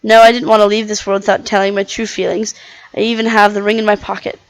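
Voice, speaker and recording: A woman's voice: medium pitch, flat delivery, fast, dry recording, natural voice, rough recording. A woman voicing a lovesick young woman who wakes in a hospital, reading a visual novel aloud with small restarts. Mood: anxious.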